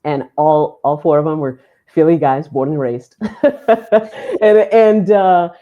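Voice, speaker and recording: On a podcast microphone with phone-quality sound, a woman sports announcer speaks a little slowly in a low-sitting voice. Interviewed on a podcast, she tells a story with feeling and performs the quoted lines of its characters.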